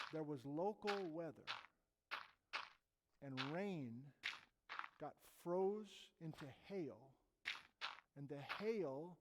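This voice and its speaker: A man's voice: sits high, long reverb tail, background noise. A man in his fifties giving an informal geology talk, telling stories enthusiastically with chatty, self-deprecating asides. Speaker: geologist lecturer.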